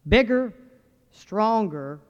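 A man's voice: high-pitched, animated, drawn-out words. A man preaching a sermon in a folksy, joking way, firing questions at the congregation. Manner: folksy, humorous, asks the crowd questions. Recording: dull recording with long hall reverb.

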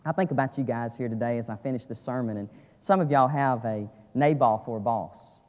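A man preaching a sermon, dropping to quiet asides and rising to loud, emphatic climaxes. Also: fairly quick. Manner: swings from low asides to shouted climaxes. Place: church sanctuary. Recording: lo-fi audio with long church reverb.

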